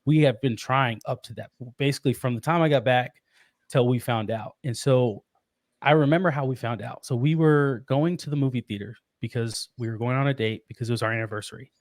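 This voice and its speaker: Guy in his 30s telling a story on a podcast, lively, laughs a lot, dry close sound. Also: medium pitch, a little fast, no room sound. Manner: animated, laughs often, acts out quoted voices. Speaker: podcast guest. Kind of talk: storytelling in casual conversation.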